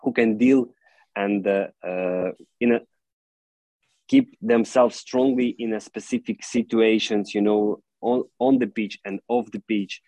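A man, an English speaker, answering interview questions in an earnest, halting way with frequent "you know" fillers. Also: fairly low pitch, darkish tone, no echo, poor audio. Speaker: football club director, guest.

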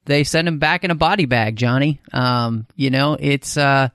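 A man's voice: mid-range voice, moderate pace, fairly bright tone, clear, resonant tone, dry recording, studio quality. A man co-hosting a podcast in casual chat, recapping with enthusiasm. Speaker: podcast co-host.

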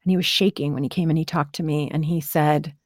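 Talking fast in a low, steady voice, a female motivational speaker shares a personal story with the camera. Her delivery is earnest and conversational, loaded with "like" and "right?", and the sound is dry and studio-clean.

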